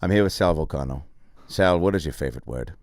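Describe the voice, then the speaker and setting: A man hosting a podcast, telling animated stories in casual chat and acting out voices. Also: rumbling low, quick pace, no room sound, clean studio sound. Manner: animated storytelling, acts out voices in anecdotes. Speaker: podcast host.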